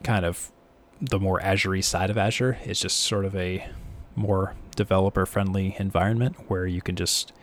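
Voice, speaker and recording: A man's voice: deep voice, steady tone, moderate pace. A man co-hosting a podcast, rambling casually through tech topics with restarts and self-deprecating asides. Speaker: podcast co-host.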